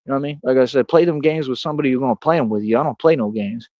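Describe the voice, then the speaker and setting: A man's voice: mid-range voice, very fast, no room sound, muffled recording. Boastful man ranting with street slang. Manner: coos softly at a cat. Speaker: streamer. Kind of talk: rambling livestream monologue.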